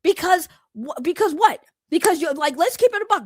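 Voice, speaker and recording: A woman's voice: extremely high pitch, expressive, a little fast, darkish tone. A young woman giving a heated, profane commentary rant in blunt, slangy talk. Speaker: commentary YouTuber.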